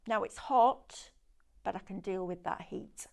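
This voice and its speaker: A woman's voice: mid-range voice, measured pace, creaky. A woman presenting a live craft shopping demo, chatty and enthusiastic as she shows off the products. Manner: chatty, enthusiastic, sales patter with demonstrations.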